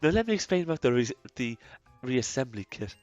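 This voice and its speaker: A man's voice: medium pitch, very animated, no echo, muffled recording, faint music behind, close to an everyday voice. A man putting on a clumsy mock French accent. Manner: halting, quiet read-aloud with stumbles. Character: French-accented game researchers, man and woman.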